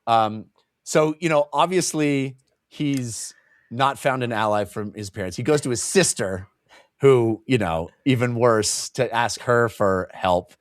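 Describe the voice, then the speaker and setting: A man's voice: medium pitch, a little slow, no room sound, studio quality. A man co-hosting a casual book discussion, recapping the story and acting out the characters' lines, laughing often. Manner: animated, acts out characters' lines while recapping; laughs often while telling. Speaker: podcast co-host.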